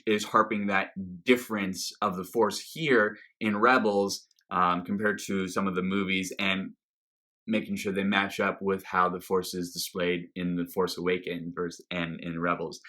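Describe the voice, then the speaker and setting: A man's voice: on the low side, sharp tone. A man hosting a reaction video, talking through an episode review in a casual, enthusiastic and rambling way. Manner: enthusiastic, rambling with fillers and restarts.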